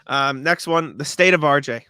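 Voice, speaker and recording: A man's voice: on the high side, sharp tone, faint music behind. A man in his twenties co-hosting a sports podcast, chatting casually, reading listener mail aloud and laughing often. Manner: quick, chatty, laughs often between remarks. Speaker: podcast co-host.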